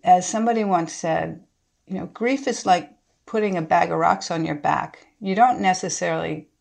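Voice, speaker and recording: Woman, middle-aged, interview guest, gravelly, lower pitch, thoughtful halting speech. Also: darkish tone. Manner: thoughtful, halting, with many restarts. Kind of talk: reflective interview talk.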